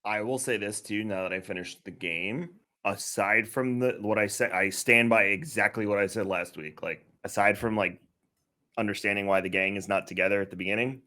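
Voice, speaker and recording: A man with a low voice chatting casually as a podcast co-host. He speaks at an easy, relaxed pace. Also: moderate pace. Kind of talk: casual gaming discussion.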